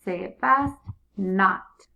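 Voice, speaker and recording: A woman teacher leading a young class through sounding out words, giving slow, clear, repeated cues. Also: mid-range voice, sharp tone. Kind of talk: early reading lesson for young students.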